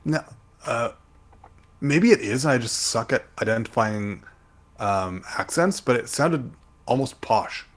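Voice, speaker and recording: A man co-hosting a podcast in easygoing chat, hesitant and quick to poke fun at himself. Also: medium pitch, animated. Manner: easygoing, hesitant, self-deprecating. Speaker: podcast co-host. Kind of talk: casual chat.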